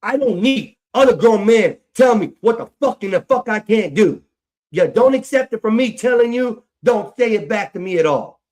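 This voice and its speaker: High-voiced man ranting, swearing nonstop. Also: lively intonation, normal speed, a little mellow. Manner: swears heavily, repeats himself, frustrated. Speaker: livestream host. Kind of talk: angry livestream rant.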